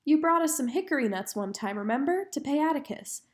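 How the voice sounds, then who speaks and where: A woman reading aloud and voicing a feisty, outspoken young girl in a higher, eager, chatty voice. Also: animated, fairly quick.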